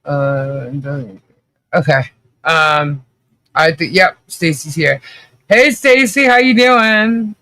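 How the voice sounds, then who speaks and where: A woman hosting a casual livestream, bubbly and greeting viewers one after another, with a low voice she says people mistake for a man's. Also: fairly even intonation, bright, forceful tone. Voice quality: low voice often taken for a man's. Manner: bubbly, greets chat viewers rapidly by name. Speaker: livestream host. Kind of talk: casual live chat.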